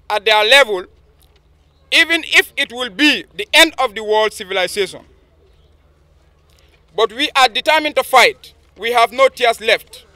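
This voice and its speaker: A man's voice: very high voice, bright, forceful tone, no echo. A man reading a formal protest statement aloud to a gathering, impassioned and declamatory.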